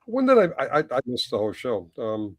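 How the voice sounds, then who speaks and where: A man hosting a casual chat show, halting and filling gaps with ums. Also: mid-range voice, huge pitch swings, no room sound. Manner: halting, many ums and uhs. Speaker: host. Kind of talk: casual banter.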